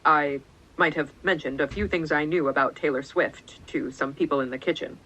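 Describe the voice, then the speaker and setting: A man's voice: on the high side, steady tone, normal speed, pushed and bright, dull audio. A man voicing a male vampire out of his own era, in an audiobook clip, sounding sheepish. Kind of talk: audiobook character reading.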